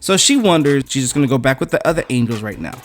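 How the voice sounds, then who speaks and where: A man, a comic book reviewer, chatting through a casual, animated retelling of a comic. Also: mid-range voice, fast, faint music behind.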